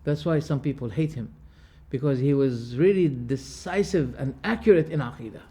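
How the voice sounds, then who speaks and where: A husky, mellow man with a mid-range voice lectures a class on religion at a moderate pace. Each term gets restated in simple language, and rhetorical questions are aimed at his listeners.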